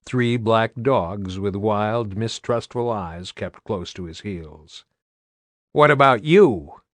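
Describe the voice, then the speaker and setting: A man with a fairly low voice narrates an audiobook in an even, steady reading. The recording is dry and close, with no room sound. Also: takes it slowly, no echo. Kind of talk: scripted narration.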